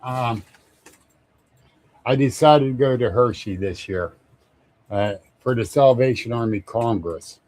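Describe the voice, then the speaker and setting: A man's voice: medium pitch, slow, long pauses, darkish tone. A man hosting a casual live stream, rambling, chuckling often and greeting viewers by name. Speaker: livestream host.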